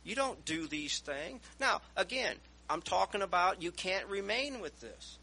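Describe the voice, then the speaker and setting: A man's voice: high voice, lively intonation, unhurried, creaky, sharp tone, husky, poor audio. A man preaching a sermon, telling stories and reading scripture aloud with rising emphasis. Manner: storytelling, raises voice reading scripture.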